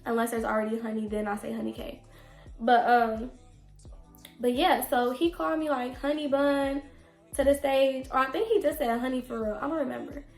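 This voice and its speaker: Young woman, high-pitched, chatty storytime vlog, echoey room, faint background music. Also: moderate pace, gravelly. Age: 20s. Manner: chatty, animated, talks straight to viewers. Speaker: vlogger.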